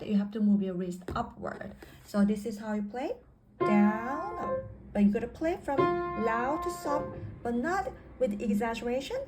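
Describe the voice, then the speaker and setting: A woman's voice: a little high, poor audio. A woman teaching piano technique in a patient way, repeating and rephrasing each point. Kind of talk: spoken instruction. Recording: faint piano music behind. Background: piano playing.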